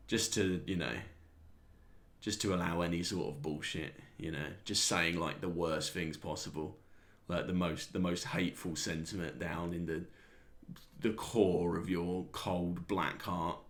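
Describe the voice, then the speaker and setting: Low-voiced man rambling wryly. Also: moderate pace, fairly bright tone. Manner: self-deprecating, sardonic, chuckles at own jokes. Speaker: comedian host. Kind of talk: rambling solo monologue.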